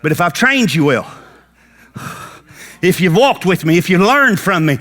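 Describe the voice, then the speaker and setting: Bright, animated preacher man. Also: sits high, moderate pace, long pauses. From United States. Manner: animated preacher acting out Bible characters in folksy talk. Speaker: pastor. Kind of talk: sermon.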